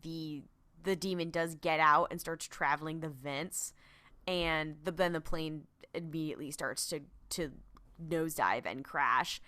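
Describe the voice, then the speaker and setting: A woman's voice: deep voice, a little slow. A young adult woman co-hosting a podcast, chatting casually about a TV episode and acting out the characters' lines. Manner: animated, acts out characters' lines. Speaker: podcast co-host. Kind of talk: casual recap chat.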